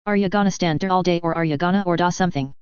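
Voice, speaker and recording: A hulking, short-tempered male orc cook, as read by a woman, barking blunt words in rough slang. The voice sits low and comes through very clean and dry on a slightly dull lo-fi recording. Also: rapid-fire, no echo, lightly acted. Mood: gruff.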